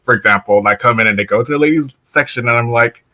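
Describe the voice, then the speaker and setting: A man's voice: medium pitch, fast, bright, forceful tone. A man talking as a guest on a casual show, telling stories loosely with many fillers. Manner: chatty, lots of "like", laughs while telling stories. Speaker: podcast guest. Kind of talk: casual conversation.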